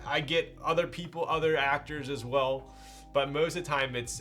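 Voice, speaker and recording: Male streamer, slightly high voice, casual and excitable, slangy, quick to laugh, faint music behind. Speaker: streamer hosting a keyboard build stream. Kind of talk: casual live-stream chat with viewers.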